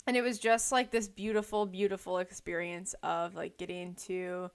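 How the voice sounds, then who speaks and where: A woman's voice: lowish voice, flat delivery, normal speed, smooth. A young woman co-hosting a podcast, chatting casually and rambling with lots of likes and ums. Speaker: podcast co-host. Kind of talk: casual chat.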